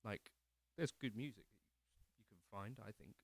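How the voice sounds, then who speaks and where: Low-voiced man chatting on a livestream. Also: a little slow, gravelly, breathy edge, no room sound. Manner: rambling and self-deprecating, many fillers. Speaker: livestream host. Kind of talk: casual livestream chat, reading comments. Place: home living room.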